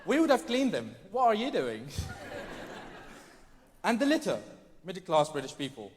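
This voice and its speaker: A man performs stand-up in a large theatre, his voice fairly high and swinging widely in pitch as he slips into mock-posh impressions. The hall rings with a long reverb, and a faint hum of audience ambience sits behind him. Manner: wry, mock-posh impressions of British people. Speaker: stand-up comedian. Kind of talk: stand-up comedy set.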